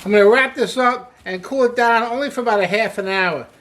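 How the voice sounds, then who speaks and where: An upbeat home cooking host walks through a recipe in a relaxed, chatty way, opening many lines with "hey" and calling things "wonderful". The voice sits at a middle pitch, and quips and laughter at their own jokes keep the tone light. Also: fairly quick. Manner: repeats praise like "wonderful". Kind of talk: casual cooking demonstration.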